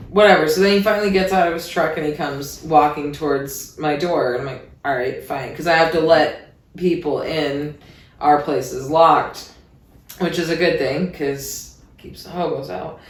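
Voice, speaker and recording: A woman's voice: low voice, moderate pace. A woman from Iowa hosting a podcast, telling a candid story in a chatty, casual way with wry asides. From Iowa, USA. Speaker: podcast host. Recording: roomy echo.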